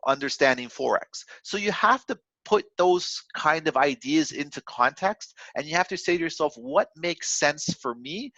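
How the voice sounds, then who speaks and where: A man's voice: on the high side, a bit bright, no echo. A man giving a casual motivational talk on trading, rambling with many fillers and restarts. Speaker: trading educator. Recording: dry, dull lo-fi sound.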